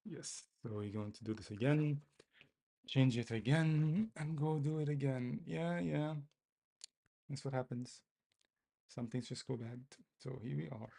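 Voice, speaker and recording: A man's voice: mid-range voice, measured pace, vocal fry, dark tone. A man talking to himself as he codes, muttering and repeating phrases in a self-mocking way. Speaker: developer streaming his coding. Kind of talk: casual live-coding commentary.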